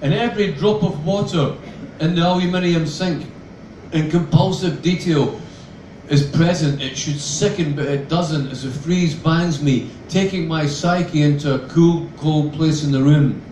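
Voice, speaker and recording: A man reads his own novel aloud with a dry, sardonic edge. His voice sits a little high for a man. The sound is roomy and picked up from a distance, with faint ambience behind. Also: unhurried, darkish tone, slight background noise. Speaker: author reading.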